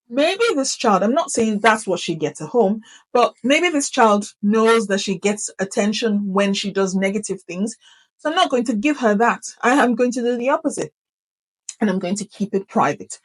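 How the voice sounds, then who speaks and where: In an instructional talk to camera, a middle-aged woman teacher explains how to keep order in a classroom, her voice at an ordinary middle pitch. She is animated and emphatic, stressing key words and repeating short phrases to hammer each point home. The recording is rough.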